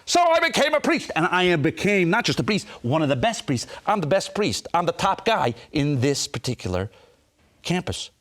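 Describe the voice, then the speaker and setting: High-voiced dramatic male storyteller. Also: normal speed. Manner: swings between hushed and emphatic; animated, first-person narration of the tale. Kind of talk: dramatic storytelling at a Purim concert.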